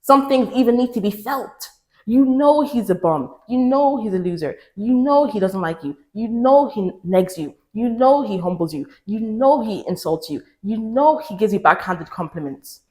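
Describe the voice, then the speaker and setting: A woman's voice: expressive, moderate pace, a little mellow, roomy sound. A woman giving relationship advice to the camera in an emphatic, preachy way, repeating lines for stress. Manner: mimics others in raised pitch. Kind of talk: direct-to-camera advice talk.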